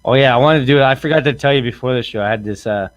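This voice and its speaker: A man in his thirties hosting a comedy podcast, telling a story in an animated way, acting out quotes and laughing often. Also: mid-range voice, rapid-fire, no room sound. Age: 30s. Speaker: podcast host.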